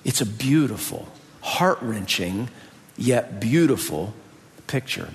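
A man from the US South preaching a sermon as pastor, folksy and lively, joking about his own mother. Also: medium pitch, slow pace. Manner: animated, folksy, jokes about his mom with playful impressions. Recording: long hall reverb.

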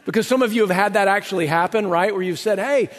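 A man preaching a sermon as pastor, animated, acting out quotes in playful voices. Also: high-pitched, fast, long reverb tail.

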